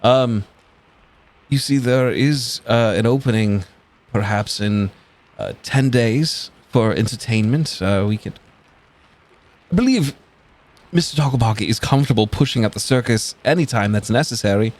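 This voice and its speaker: Man doing a formal male servant, polite, halting, reserved, mid-pitched voice. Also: a little mellow, natural voice. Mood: confiding.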